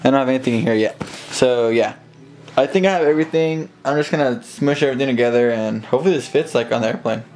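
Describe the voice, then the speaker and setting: A young man casually narrating his day to a handheld camera in a loose, rambling way, his throat a little rough. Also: medium pitch, quick pace, a little mellow, roomy sound. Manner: rambling, easygoing, self-talk to camera. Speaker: vlogger. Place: car, then at home indoors.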